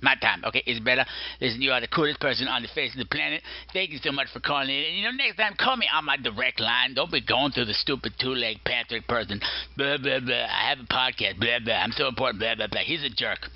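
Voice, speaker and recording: Brief: a bratty male gargoyle, put on by a man, boastful and insulting, middle pitch, dull dry recording. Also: fast talker, no room sound, lightly acted. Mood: mocking. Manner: mocking, insulting, rambling and self-important. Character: rude, boastful male gargoyle, mischievous rebel.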